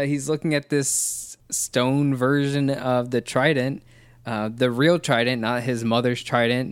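A man's voice: medium pitch, clean tone, no room sound. A man chatting casually about a film, thoughtful and explanatory. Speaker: podcast co-host discussing a film. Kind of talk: casual chat.

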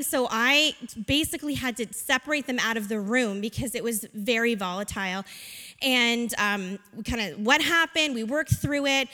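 A woman's voice: fairly high pitch, bright, forceful tone. A woman who leads a church's children's ministry, telling an earnest story from the front with plenty of fillers. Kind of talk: church testimony talk. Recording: reverberant church hall.

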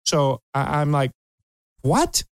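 A man's voice: fairly high pitch, moderate pace, dry recording. Older guy hosting a radio talk show, big storyteller, laughs a lot, dry studio sound. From Kentucky, USA. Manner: animated storyteller, laughs often, acts out quoted voices. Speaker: host.

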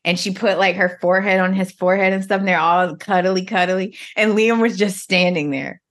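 A woman co-hosting a podcast, recapping a soap opera in casual chat, sassy and animated, often laughing. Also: medium pitch, a little fast. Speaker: podcast co-host.

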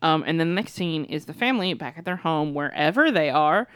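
A woman co-hosting a podcast, recapping a film in casual, animated storytelling. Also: low voice, brisk, clean tone, no room sound, clean studio sound. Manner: animated storytelling with excited quoted voices. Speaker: podcast co-host. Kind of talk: casual movie recap chat.

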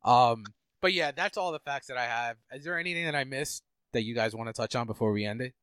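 Guy hosting a film podcast, bright voice, rambling and chill, dry close mic. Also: medium pitch, quick pace, clear, resonant tone, no room sound. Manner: relaxed and rambling, with many fillers. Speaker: podcast host. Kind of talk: casual chat.

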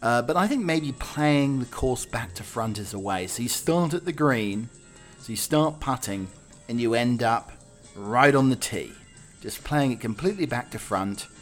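A man hosting a podcast offers casual solo commentary, riffing and joking with plenty of fillers and restarts. His mid-range voice has lively intonation and a moderate pace, with soft music in the background.

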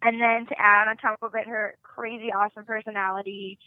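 A woman's voice: mid-range voice, fairly quick, no room sound. Giggly young woman on a dry phone line. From North Dakota, USA. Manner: animated, giggly, gushing. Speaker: singer, podcast guest. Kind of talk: casual interview storytelling.

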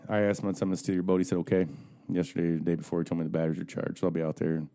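A man's voice: sits low, little pitch movement, racing, warm tone. A man telling a rambling, profane fishing story in casual chat, acting out the other people's lines as he goes.

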